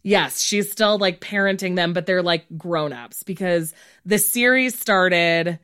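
A woman's voice: lowish voice, unhurried, fairly bright tone, smooth. A woman co-hosting a casual movie recap chat, giggly and chatty, with lots of "like". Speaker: podcast co-host.

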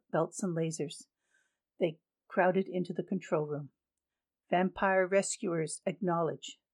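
A woman's voice: fairly low pitch, darkish tone, slightly rough. A woman narrating a science fiction story as an audiobook reader, voicing every character lightly in her own voice. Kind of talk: scripted narration.

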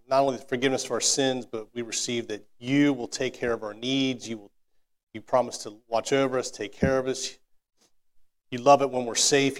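Male co-host, average pitch, earnest, casual testimony then heartfelt prayer. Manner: earnest, repeats words as he restarts. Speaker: co-host who prays.

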